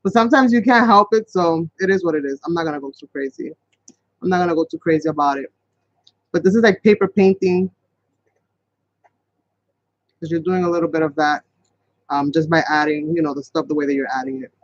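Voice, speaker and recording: Man, craft tutorial host, casual and rambling, talks to viewers, higher voice, dull lo-fi sound. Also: fast talker, no room sound. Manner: chatty, rambling, talks to viewers as "you guys".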